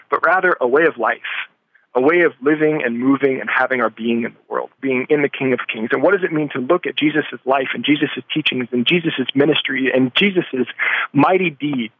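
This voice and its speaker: A man being interviewed, telling his story earnestly and sometimes searching for words. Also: medium pitch. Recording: slightly dull dry recording.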